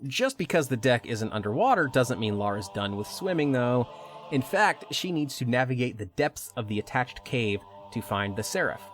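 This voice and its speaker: A man's voice: medium pitch, very animated, moderate pace, faint music behind. Man narrating with joking asides. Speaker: podcast host. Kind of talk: retelling a video game story.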